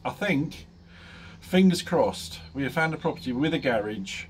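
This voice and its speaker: A man's voice: mid-range voice, animated, normal speed, a little hiss or hum. A man vlogging casually, telling a funny story with lots of ums and laughing often. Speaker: motorcycle vlogger.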